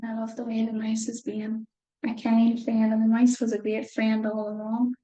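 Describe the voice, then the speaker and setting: A woman reading a picture book aloud to children, gentle, with soft whispered asides. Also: fairly high pitch, monotone, moderate pace, roomy sound, muffled recording. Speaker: children's storyteller.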